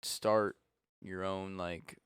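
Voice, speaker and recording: A man co-hosting a casual podcast, talking in animated, profane banter and laughing often. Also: low voice, extremely slow, clear, resonant tone, no echo, studio quality. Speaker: podcast co-host. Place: home basement studio.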